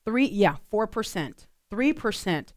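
A woman's voice: mid-range voice, big pitch swings, slow pace, no echo, studio quality. A woman co-hosting a radio talk show, chatting earnestly with plenty of fillers. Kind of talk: casual talk radio chat.

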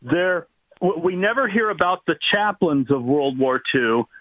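A man's voice: a little high, lively intonation, measured pace, no echo. Male caller on a tinny phone line. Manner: storytelling, wry. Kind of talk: casual radio call-in chat.

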